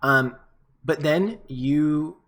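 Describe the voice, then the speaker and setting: A man's voice: on the high side, very slow, a bit bright. A man running a tabletop game as game master, describing scenes in a casual, rambling way with many fillers.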